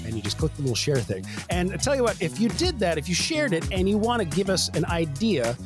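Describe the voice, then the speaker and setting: A man's voice: high voice, very animated, a little fast, over music. A man from Canada co-hosting a podcast, joking around in casual chat and swearing freely. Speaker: podcast co-host.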